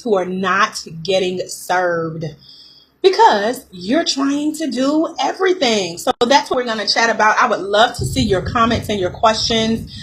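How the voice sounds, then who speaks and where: A woman's voice: a little high, slightly rough. A woman business coach hosting a live coaching call, upbeat and greeting listeners by name. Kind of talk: live-stream coaching talk. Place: home office with a fan running. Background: fan hum and distant thunder.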